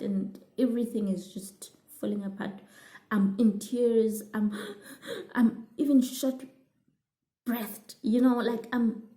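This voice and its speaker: A woman telling her viewers a childhood story in a storytime vlog, animated, often calling them "guys" and restarting her sentences. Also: mid-range voice, reverberant. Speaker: vlogger.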